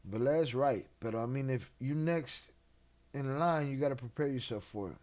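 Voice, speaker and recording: A man hosting a casual late-night livestream, laid-back and slang-heavy, reading chat and giving shout-outs. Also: medium pitch, normal speed. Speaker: livestream host.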